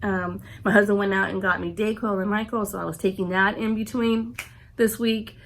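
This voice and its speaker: There's a little hiss or hum behind this congested, sick vlogger, a woman in her forties from California. Her voice is medium-pitched, steady, and fairly bright at normal speed as she chattily recounts a long story to camera, full of "I'm like" and quoted reactions.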